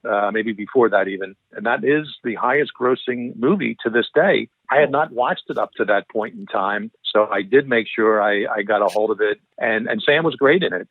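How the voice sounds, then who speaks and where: A man's voice: on the low side, no echo. A middle-aged man with a Philadelphia accent, a guest telling long stories in a rambling way, often correcting himself mid-sentence. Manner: rambling, frequent restarts and self-corrections. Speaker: interview guest, former FBI profiler. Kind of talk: long anecdotal storytelling. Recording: tinny phone-line sound, dry.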